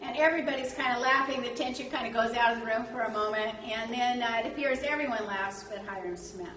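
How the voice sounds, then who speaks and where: A woman telling a history story in a lively way, acting out the quotes and using lots of fillers. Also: fairly high pitch, fast talker. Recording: echoey room, distant mic, faint noise.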